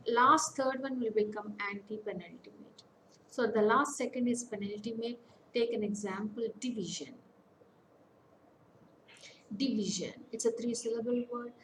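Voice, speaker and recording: A woman with an Indian English accent teaches an online lecture. She talks in a methodical way and repeats each example word slowly before she explains it. A faint hiss of noise sits under her voice. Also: medium pitch, poor audio. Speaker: academic counsellor teaching English.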